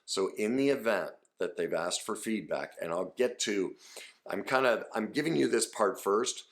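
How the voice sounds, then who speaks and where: Middle-aged male coach, deep voice, earnest conversational teaching. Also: expressive, normal speed. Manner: earnest, conversational, acts out example dialogue. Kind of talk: direct-to-camera teaching.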